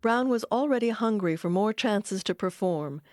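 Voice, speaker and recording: A woman giving measured, scripted narration for a documentary. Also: medium pitch, animated, a little mellow, no echo, clean studio sound, faint music behind.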